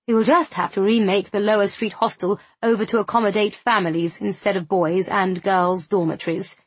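A woman voicing a brisk, capable middle-aged committee organiser who speaks in an orderly way. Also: mid-range voice, husky, no echo, close to an everyday voice.

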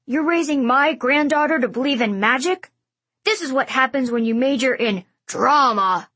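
A woman's voice: high-pitched, sing-song, moderate pace, a bit bright, dry recording, heavily acted. A woman doing a pompous cranky grandfather-scientist. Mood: boastful. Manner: pompous, indignant, lecturing. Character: cranky old male scientist grandfather turned into a teenage boy. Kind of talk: audiobook character voice.

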